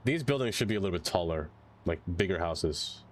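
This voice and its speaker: A man's voice: deep voice, expressive, fairly quick, a little hiss or hum. A man streaming a city-building game, rambling casually to his viewers and getting sidetracked by chat. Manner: rambling, chatty, easily sidetracked.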